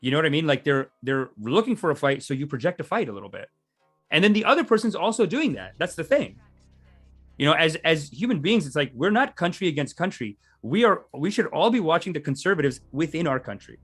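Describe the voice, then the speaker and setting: A man's voice: on the high side, very animated, fairly quick, a bit bright, breathy edge, soft background music. A man hosting a livestream, giving casual, rambling commentary and laughing often. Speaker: livestream host.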